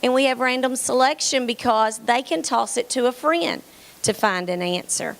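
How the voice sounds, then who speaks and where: A female teacher, giving a hurried, earnest pitch full of um fillers. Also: gravelly. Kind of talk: grant pitch presentation.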